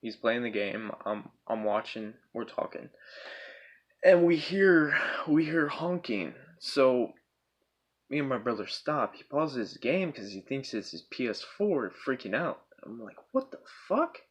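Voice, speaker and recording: A man's voice: mid-range voice, expressive, a little slow. A young man with an ordinary mid-range voice tells a story from his own life in a loose, rambling way. He swears freely and keeps checking in with little asides like "right?" and "bro." The tone is casual storytime. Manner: profane, rambling, checks in with 'right?' and 'bro'.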